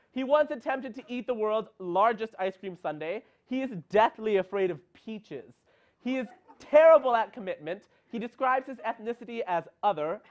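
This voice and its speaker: A young man with a high voice reads a comic script in a deadpan mock-promotional tone. The recording sounds dull and lo-fi. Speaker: segment narrator.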